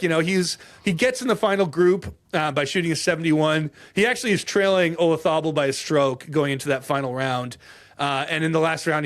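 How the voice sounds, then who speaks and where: A man co-hosting a podcast, telling golf history in a casual, animated way, with dramatic flourishes and frequent laughs. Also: fairly high pitch. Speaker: podcast co-host.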